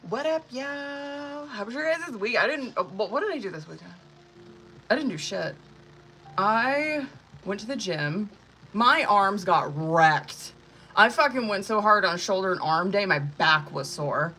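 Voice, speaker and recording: A woman's voice: medium pitch, big pitch swings, unhurried, pushed and bright, a little hiss or hum, low-quality recording. A young woman, a tarot reader, chatting casually with her live-stream viewers, laughing often and swearing freely.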